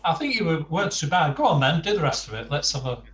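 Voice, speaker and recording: A man teaching Spanish, patiently correcting pronunciation and encouraging his student, often trailing off softly. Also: fairly high pitch, sing-song, fast, echoey room, recorded from a distance, a crowd in the background, low-quality recording. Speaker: Spanish tutor. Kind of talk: online language lesson, coaching pronunciation.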